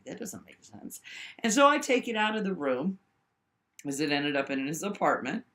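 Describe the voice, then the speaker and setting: A woman telling a rambling personal story to the camera, swinging between high exclaims and low mutters and often checking in with the listener. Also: sing-song, a little fast, fairly bright tone. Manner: keeps checking in with the listener with "right?".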